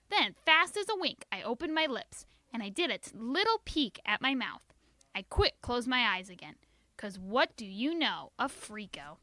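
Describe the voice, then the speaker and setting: A woman reading a children's book aloud in an expressive, sing-song storytelling manner. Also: a little high, moderate pace, no echo. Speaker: reader.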